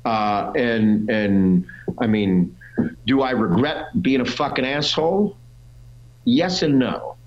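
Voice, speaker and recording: A man's voice: medium pitch, takes it slowly, dull audio. A man, a pro bodybuilder, telling his story as the guest in a casual interview, blunt and full of swearing. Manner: blunt and profane, voices others in quotes.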